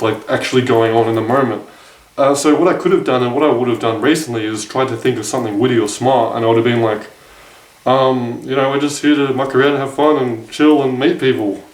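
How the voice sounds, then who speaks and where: A man's voice: mid-range voice, far from the mic. A young man casually telling a dating story to camera, rambling with frequent restarts and self-corrections. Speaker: dating advice vlogger. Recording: echoey room, voice off-mic.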